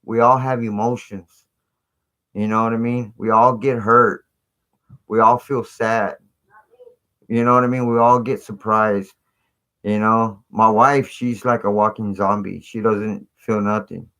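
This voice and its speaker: A man's voice: fairly low pitch, flat delivery, measured pace, fairly bright tone. A man hosting a live stream, talking in a rambling, casual way full of fillers and asides. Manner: rambling, filler-heavy, conspiratorial chat.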